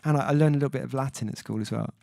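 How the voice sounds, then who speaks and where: A man's voice: mid-range voice, rapid-fire, vocal fry, darkish tone, no room sound. A man hosting his own music livestream, chatting casually and reading viewer comments aloud, hesitant with many fillers as he sounds out foreign words. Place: at home, indoors.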